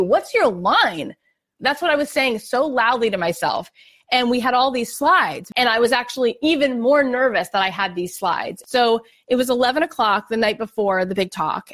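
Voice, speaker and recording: A woman's voice: mid-range voice, normal speed. A middle-aged woman and podcast host giving a heartfelt motivational talk, earnest and emotional, acting out her own inner voice.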